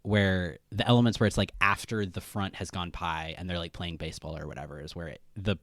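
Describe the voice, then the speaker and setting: A man's voice: low voice, fairly even intonation, fairly quick, a bit bright, no echo, studio quality. A man co-hosting a podcast, rambling casually about movies and acting out lines. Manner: rambling, fillers, acts out quotes. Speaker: podcast co-host. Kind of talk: casual film discussion.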